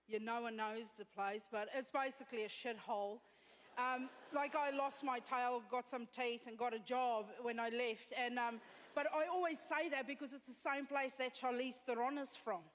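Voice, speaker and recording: A South African woman with a South African accent performs a blunt, self-deprecating stand-up set before an audience, her fairly high voice steady at a moderate pace. The live venue has long reverb and faint room noise.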